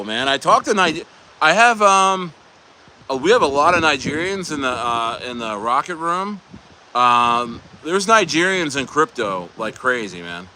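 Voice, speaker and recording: Guy doing a loose jokey livestream outside, bright voice, faint wind noise. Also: on the high side. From United States. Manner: loose, joking banter with chat viewers. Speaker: crypto livestream host. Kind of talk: casual livestream chat reading comments.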